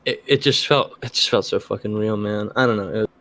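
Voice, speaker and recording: A man's voice: on the low side, steady tone, a little fast, fairly bright tone, no room sound. A man co-hosting a podcast, chatting casually and reacting with laid-back, profane remarks. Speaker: podcast co-host. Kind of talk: casual chat.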